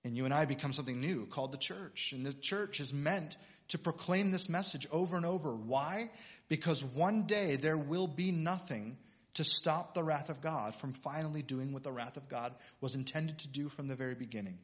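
A middle-aged man, a pastor preaching a sermon with passion, building to loud emphatic peaks and reading scripture aloud. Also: fairly high pitch, moderate pace. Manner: reads scripture aloud with dramatic voices.

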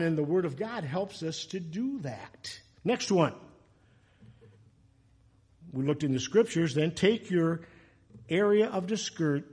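A male pastor delivers a casual, conversational sermon that suddenly rises into loud, emotional passages. His voice is husky and somewhat high for a man, with a lively swing in pitch.

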